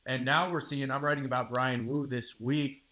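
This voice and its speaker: A man's voice: medium pitch, fairly even intonation, bright, forceful tone. Confident man analyzing baseball. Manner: confident, measured, emphatic. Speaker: sportswriter guest. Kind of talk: interview analysis.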